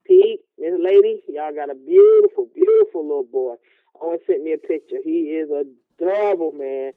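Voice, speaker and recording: A man rambles and jokes in a relaxed chat, leaning on "you know" and "man" again and again. His slightly raised voice comes through a tinny phone line. The sound is dry and close. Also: a little high, moderate pace, no room sound. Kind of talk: casual chat.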